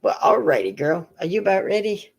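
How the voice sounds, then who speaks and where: With a gravelly, sing-song voice at medium pitch, a woman co-hosts a relaxed live-streamed panel at a brisk pace. She keeps teasing and laughing as she acts out what other people said.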